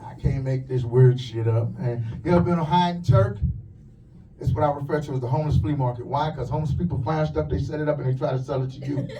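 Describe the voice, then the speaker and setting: A man doing a stand-up comedy set in a club, telling crude, punchy stories with quick asides. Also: mid-range voice, warm tone, distant mic, slight background noise, low-quality recording. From lives in the USA.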